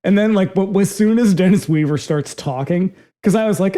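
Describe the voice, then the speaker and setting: Casual podcast co-host; animated, salty delivery, warm dark tone. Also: medium pitch, moderate pace. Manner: animated, profane, acts out quotes. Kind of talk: casual film discussion.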